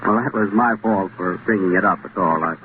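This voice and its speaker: A man's voice: low-pitched, fairly quick. A man hosting a 1930s radio comedy show, trading dry, self-mocking wisecracks with hesitant fillers. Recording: tinny, noisy 1930s radio broadcast.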